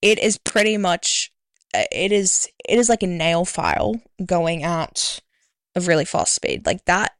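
A woman's voice: fairly low pitch, expressive, a little slow, no room sound, clean studio sound. A young Australian woman hosting a radio show, talking casually in a rambling, self-deprecating way. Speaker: community radio host.

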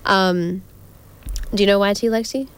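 A woman's voice: mid-range voice, fairly even intonation, unhurried, clean tone. A young woman hosting a casual radio show, chatty and rambling, often giggling and filling gaps with ums. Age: young adult. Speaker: community radio host. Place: radio studio.

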